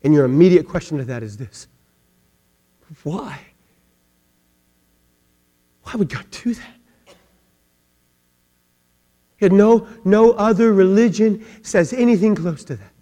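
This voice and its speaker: Male preacher with a very high voice, deliberate delivery, swinging between fervent cries and near-whispers. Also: expressive. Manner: swings from impassioned shouting to hushed intensity. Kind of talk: sermon. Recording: long reverb of a large hall.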